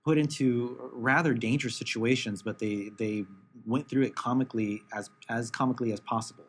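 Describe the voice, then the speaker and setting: A man co-hosting a podcast in casual chat, talking haltingly with many fillers and restarts. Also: mid-range voice, steady tone, slightly rough. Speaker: podcast co-host.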